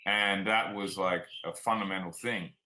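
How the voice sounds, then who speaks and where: An Australian man, a performance coach, tells stories frankly as a guest in a casual interview, peppering his plainspoken talk with "like" and "man." His voice is low with fairly even intonation and a sharp tone, at normal speed. The recording quality is low.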